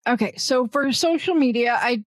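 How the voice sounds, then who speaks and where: Woman guest, blunt and self-deprecating, higher voice, dry close sound. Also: moderate pace, no echo, rough recording. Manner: rambling with fillers and restarts. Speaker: guest, virtual assistant. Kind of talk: casual interview conversation.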